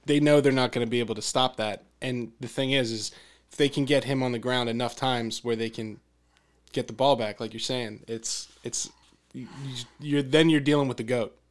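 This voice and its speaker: A man's voice: medium pitch, fairly even intonation, normal speed. Man, podcast host, casual sports chat, rambling, restarts.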